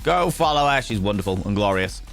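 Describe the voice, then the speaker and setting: A man's voice: on the low side, animated, brisk, gravelly, fairly bright tone, faint music behind. A man chatting casually on a live stream in a flamboyant, theatrical, camp manner, reading out and thanking his chat.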